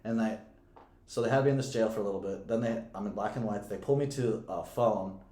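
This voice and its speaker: A man's voice: lowish voice, brisk, mellow. A young man and podcast co-host casually telling a story, profane and often laughing. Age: young adult. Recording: echoey room.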